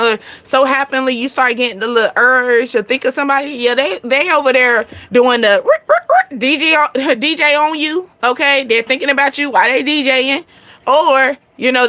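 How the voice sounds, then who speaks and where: A high-voiced woman, chatting loosely through an astrology reading. Her tone is bright and lively. She laughs a lot, calls her viewers "y'all" and swears offhand. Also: dry recording. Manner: chatty, laughs often, sings and acts out snippets. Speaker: spiritual reader.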